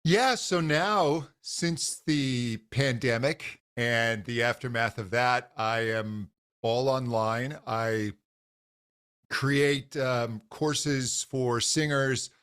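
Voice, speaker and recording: A man's voice: mid-range voice, extremely slow, a bit bright, clean tone. A male vocal coach talking enthusiastically in an interview over a video call, often restarting sentences with "um" and "just". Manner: enthusiastic, frequent fillers and restarts. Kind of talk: conversational interview.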